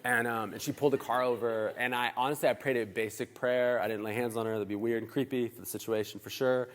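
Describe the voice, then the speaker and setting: A man preaching as a pastor, telling stories in a chatty, animated way and acting out the dialogue. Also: mid-range voice, fast, big-room sound. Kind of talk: sermon storytelling. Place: church hall.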